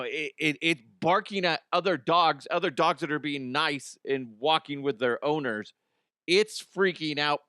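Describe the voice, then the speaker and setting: A man's voice: on the high side, a bit bright, dry recording, clean studio sound. A man hosting a comedy show, ranting casually in an exasperated way and swearing freely. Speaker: comedy podcast host.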